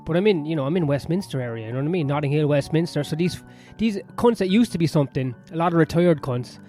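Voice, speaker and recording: A man with an Irish accent hosting his own podcast, rambling through a crude, sardonic comedic monologue full of swearing. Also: on the high side. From Ireland. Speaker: podcast host. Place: sauna-area home in west London. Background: soft piano music.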